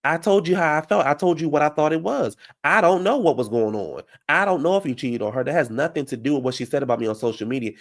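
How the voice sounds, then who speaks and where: A man's voice: a little high, fast, few pauses. A man hosting a casual live recap of a reality show, ranting heatedly and answering viewer comments. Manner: heated, ranting, talks straight to the people on the show.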